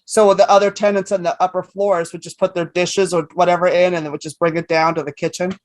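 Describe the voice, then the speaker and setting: A woman in her fifties, a comedian guest on a podcast, telling stories in a lively way and swearing freely. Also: lowish voice, fast, no room sound. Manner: animated storyteller, swears freely. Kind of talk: casual podcast chat.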